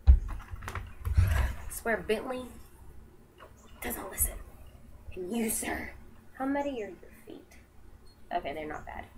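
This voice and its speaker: A woman's voice: fairly high pitch, lively intonation, slow pace, long pauses, background noise. A young woman casually chatting on a live stream as she reads and answers viewer comments. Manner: chatty, scolding her dogs between comments. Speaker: vlogger reading live comments.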